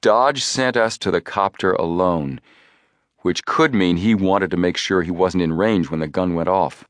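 A man reading the part of a steady, level-headed teenage boy detective in a storybook. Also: sits low, measured pace, dry recording, studio quality. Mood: reasoning.

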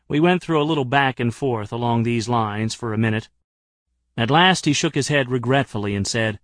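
A man's voice: mid-range voice, moderate pace, a bit bright, no echo. A man narrating an audiobook in a wry, dry-humored manner.

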